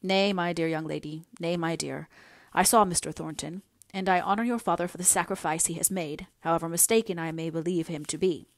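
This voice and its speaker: A woman voicing a kindly older male doctor in an audiobook reading, speaking in a gentle, fatherly way. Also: fairly low pitch, fairly quick, no room sound, studio quality, natural voice. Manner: soothing, fatherly.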